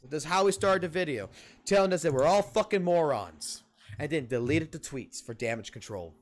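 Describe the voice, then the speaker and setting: Talking to viewers through a home mic, this livestream host launches into a heated commentary rant, swearing frequently and hammering his points by repeating them. His higher voice moves at a moderate pace with lively intonation, and soft music plays in the background.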